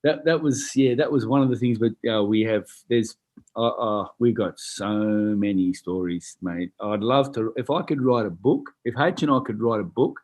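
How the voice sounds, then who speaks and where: An Australian man telling stories in a casual chat, animated and swearing freely, acting out the other people's voices. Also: on the low side, normal speed. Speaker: guest, retired boxer. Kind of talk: casual storytelling.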